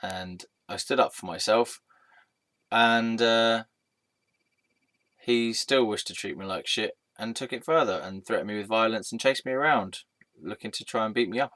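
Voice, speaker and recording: A man's voice: fairly low pitch, a bit bright. A man telling a personal story in a rambling, sweary way, full of filler words.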